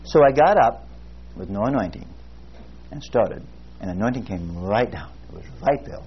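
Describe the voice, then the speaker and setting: Lively folksy preacher, muffled recording. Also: male voice, fairly low pitch, slightly rough. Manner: folksy storytelling preaching, drawn-out emphasis on scripture. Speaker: pastor. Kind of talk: sermon. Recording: muffled lo-fi recording with faint hiss.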